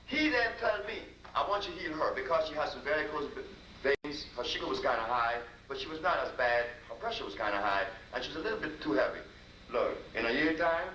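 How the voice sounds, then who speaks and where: A man's voice: fairly high pitch, sharp tone. A man giving a storytelling lecture as a healer, folksy and repetitive, acting out dialogue. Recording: echoey room, distant mic, noisy.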